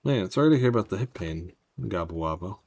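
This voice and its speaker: A man's voice: low voice, lively intonation, fast, a little mellow, no echo. A man streaming a game, chatting casually and wryly with his viewers as he plays. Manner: rambling, wry, talks to chat. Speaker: gaming streamer. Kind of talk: casual gameplay commentary.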